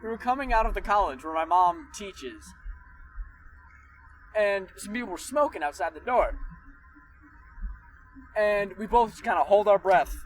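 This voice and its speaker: A man co-hosting a podcast during a road trip, telling a funny family story in a lively, animated way. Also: high voice, rough recording. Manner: lively storyteller who acts out quotes. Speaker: podcast co-host. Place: inside a car on a road trip.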